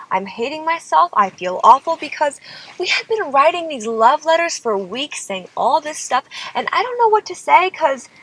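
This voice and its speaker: Young woman venting her love drama, high voice all over the place, super exasperated. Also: bright, forceful tone, low-quality recording. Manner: dramatic, exasperated, lots of "like" and "okay?". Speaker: singer telling a personal story. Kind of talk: confessional storytelling vlog.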